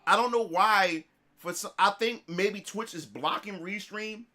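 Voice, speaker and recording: High, bright-voiced male streamer. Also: unhurried. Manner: animated, profane, full of restarts. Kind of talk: casual storytelling on a livestream.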